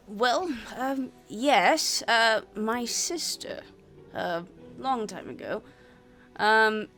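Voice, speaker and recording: An eccentric old male turtle who runs a shop, rambling and a little defensive, with a slow, unhurried delivery, as a woman game master puts him on. The voice is bright and clear, with faint music underneath. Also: medium pitch. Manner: rambling, slightly defensive, talks of himself as the town kook.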